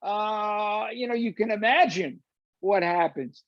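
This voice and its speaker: A man's voice: high-pitched, slow pace, dry recording, highs cut off. An older man giving a rambling, informal lecture on a film, full of "uh"s and restarts, and acting out scenes as he retells them.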